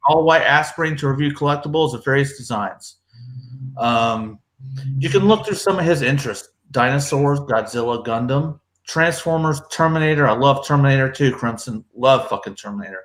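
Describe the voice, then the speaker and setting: Animated and a bit bright, a man with a medium-pitched voice talks at normal speed in a reverberant room. He runs a casual livestream, swearing freely, staying relaxed, and hyping his guests.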